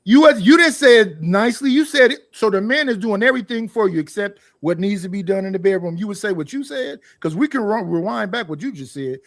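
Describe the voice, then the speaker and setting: High-pitched man arguing with emphasis. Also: animated, brisk, few pauses, no echo. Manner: emphatic, provocative, teasing. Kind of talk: casual podcast debate.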